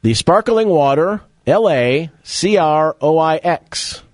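A man's voice: on the high side, lively intonation, takes it slowly, no echo. A man hosting a casual radio talk show, joking and quizzing his co-host.

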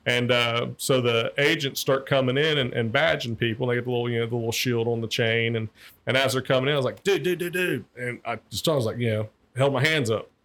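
A man's voice: medium pitch, fairly even intonation, quick pace, fairly bright tone. A man, a former liquor enforcement agent, telling rambling, profane stories in casual chat, repeating words as he restarts sentences. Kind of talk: casual anecdotal storytelling.

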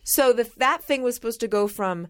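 Animated woman telling a story, dry studio sound. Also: fairly high pitch, normal speed, no echo. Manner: animated storyteller acting out quoted voices. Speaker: talk show co-host. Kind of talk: casual chat, storytelling.

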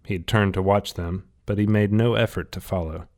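A man reading a novel aloud in steady, scripted audiobook narration. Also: lowish voice, brisk.

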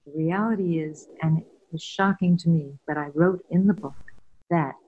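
An older woman, once a caregiver and now a guest, shares personal stories with warmth and candor, laughing every so often. Her voice is low and slightly rough at an ordinary pace, and the audio has a phone-quality sound.

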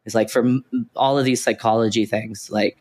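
A man with a lowish voice talks quickly and loosely as a podcast co-host. He rambles through his points in casual conversation. He restarts sentences and fills gaps with "like" as he thinks aloud. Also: steady tone, a little mellow. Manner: rambling, heavy use of "like" fillers and restarts.

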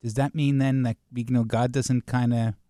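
A man's voice: medium pitch, level tone, moderate pace, mellow, no echo, studio quality. A man hosting an interview, asking probing questions in a conversational way. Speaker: interviewer, host.

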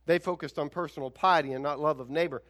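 A male pastor preaching a sermon in an animated, conversational way, with emphatic rhetorical questions. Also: fairly high pitch, fast.

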